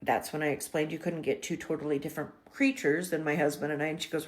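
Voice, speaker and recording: A middle-aged woman tells a personal spiritual story in a vlog, her voice sitting a little low. She is emotional and expressive, sinking into hushed whispers and then lifting into bright, excited bursts. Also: fast, hardly any pauses.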